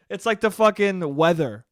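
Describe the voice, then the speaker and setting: A man's voice: sits high, no room sound, clean studio sound. A young man hosting a casual solo podcast, ranting animatedly and swearing as he acts out conversations. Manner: animated, swears, mimics people in quoted asides. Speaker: podcast host. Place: small room, recording himself on camera.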